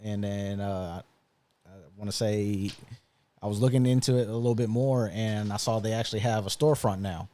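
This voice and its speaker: A man co-hosting a live podcast, talking in a relaxed, rambling way with many ums and likes. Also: lowish voice, normal speed. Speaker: podcast co-host. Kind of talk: casual live podcast chat.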